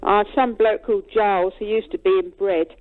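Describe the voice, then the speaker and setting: A woman's voice: mid-range voice, fairly even intonation, moderate pace. A woman calling a radio phone-in, indignant and exasperated. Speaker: caller. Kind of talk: phone-in call. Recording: phone line.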